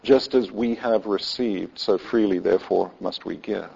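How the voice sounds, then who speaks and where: A man delivers a sermon as pastor, earnest and measured, letting his phrases fade softly. His voice is low, dark and gravelly, with a husky edge. The sound is dull and lo-fi. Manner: earnest preaching that trails off softly at line ends.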